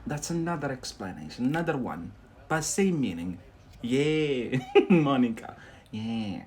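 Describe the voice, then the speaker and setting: A man's voice: mid-range voice, sing-song, measured pace, a little mellow, slight background noise. British guy teaching english on a live stream, jokey, laughs a lot, voice bounces up and down, takes his time. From Britain. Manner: chatty and jokey, laughs often. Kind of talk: casual live-stream lesson.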